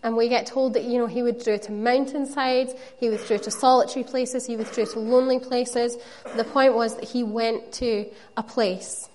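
A woman's voice: a little high, fairly even intonation, normal speed, hardly any pauses, a little mellow, a little hiss or hum. A woman preaching a sermon, earnest and conversational, with playful asides to the congregation.

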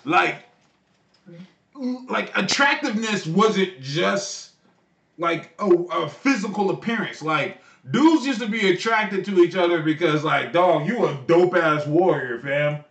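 A man co-hosting a podcast, telling a story in an animated, slangy way and laughing often. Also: high voice, measured pace, vocal fry, far from the mic. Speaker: podcast co-host. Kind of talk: casual chat. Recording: echoey room, off-mic, faint noise.

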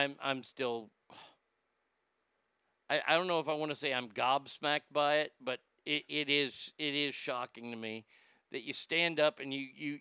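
A man hosting a commentary show, reading out news and reacting with indignant, sarcastic remarks and halting restarts when he gets riled. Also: mid-range voice, pushed and bright, smooth, dry recording. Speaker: podcast host.

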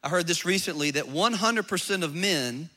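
A man's voice: sits high, lively intonation, moderate pace, pushed and bright. A man preaching a sermon as pastor, emphatic and joking, with rhetorical questions to the congregation.

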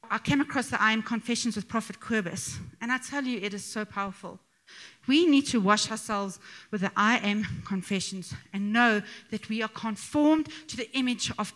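A middle-aged woman delivers a conversational sermon, mixing jokes and asides into her message. Her voice is pitched a little high and has a bright, forceful edge. She sounds animated and chatty, as if talking with friends from the pulpit. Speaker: speaker addressing a church gathering.

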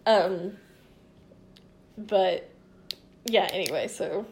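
A woman's voice: medium pitch, very slow, slight background noise. A woman in her forties tells a story in a loose, rambling way, with plenty of asides. She swears freely and acts out both sides of a conversation in her own voice. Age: 40s. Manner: rambling, loose, swears freely, quotes others in back-and-forth. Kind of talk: casual storytelling chat.

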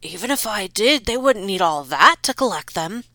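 A woman's voice: medium pitch, lively intonation, a little slow, pushed and bright, dry recording. A woman voicing an anxious, flustered middle-aged farmer father in a storybook reading. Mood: nervous. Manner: flustered, stammering questions.

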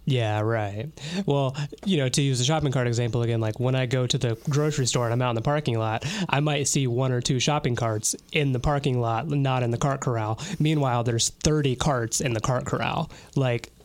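A man's voice: medium pitch, fairly even intonation, a little fast, hardly any pauses. A man co-hosting a casual conversation, easygoing and reasoning things through.

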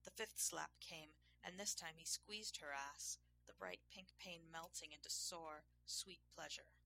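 A woman narrating an erotic audio story in a slow, hushed, intimate reading. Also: low-pitched, vocal fry, a little hiss or hum.

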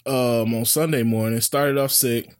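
A man co-hosting a podcast, telling stories in relaxed slang-heavy casual chat. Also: mid-range voice, unhurried, clean tone, no echo, studio quality. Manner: laid-back slang-heavy storytelling. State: recovering from being sick. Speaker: podcast co-host.

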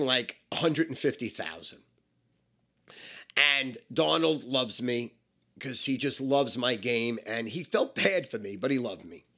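A man telling a story about his own past in an animated, emphatic way, with lots of swearing and repetition. He explains things step by step and repeats the numbers. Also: mid-range voice. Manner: emphatic and profane, with many repetitions.

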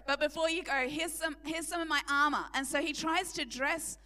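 A woman preaching a sermon, retelling a Bible story with animated delivery and acted-out quotes. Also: sits high, normal speed, hardly any pauses. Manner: animated, acts out quotes, emphatic repetition. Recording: long hall reverb.

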